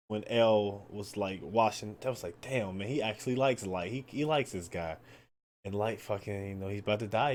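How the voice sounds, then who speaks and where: A man hosting his own podcast, chatting casually in a loose, excitable way, swearing freely and filling his talk with "like" and "man". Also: fairly low pitch. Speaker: podcast host. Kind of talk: casual solo podcast chat.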